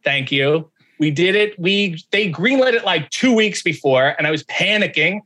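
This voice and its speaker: Guy on a podcast telling a story, high bright voice, does everyone's voices. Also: normal speed. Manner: animated, acts out quoted voices. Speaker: podcast guest. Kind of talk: casual storytelling chat.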